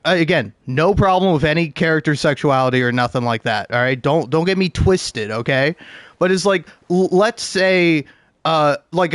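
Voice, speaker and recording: A man's voice: a little high, fairly bright tone, no room sound, studio quality. A man in his twenties rambling in casual commentary over gameplay, stammering and chuckling often. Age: 20s. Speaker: gaming commentator.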